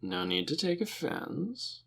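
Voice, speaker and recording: A man voicing a sly, pushy shopkeeper who talks slowly and smugly. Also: medium pitch, vocal fry, a bit bright, slight background noise, pitched above the performer's own voice, full character voice. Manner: slow, smug, insinuating.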